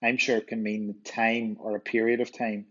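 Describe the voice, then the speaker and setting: A male teacher with a Northern Irish accent, slowly walking students through vocabulary and repeating words to drill them. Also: lowish voice, flat delivery, fairly bright tone. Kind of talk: walkthrough lesson explaining vocabulary. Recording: dull lo-fi voice recording.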